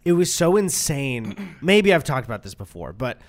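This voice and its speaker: A man's voice: mid-range voice, normal speed. A young man co-hosting a podcast, telling a story in casual chat, swearing freely and acting out what people said. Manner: animated storyteller, acts out quotes. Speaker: podcast co-host.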